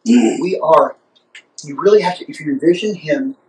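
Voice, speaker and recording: A man's voice: a little high, moderate pace, darkish tone, a little hiss or hum. A man leading a church roundtable as archbishop, talking animatedly with frequent repeats and restarts. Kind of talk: informal church discussion. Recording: echoey room, distant mic.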